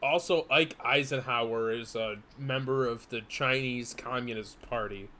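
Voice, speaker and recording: A man's voice: mid-range voice, measured pace, sharp tone. Guy cohosting a podcast, chatty and rambly, keeps restarting sentences. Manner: explains at length with many restarts and fillers. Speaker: podcast co-host. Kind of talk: casual chat.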